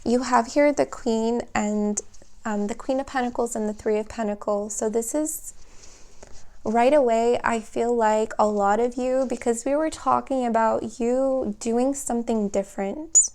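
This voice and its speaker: A woman's voice: a little high, a little slow, darkish tone. A woman giving a tarot reading, thinking aloud and often exclaiming with emotion. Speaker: tarot reader.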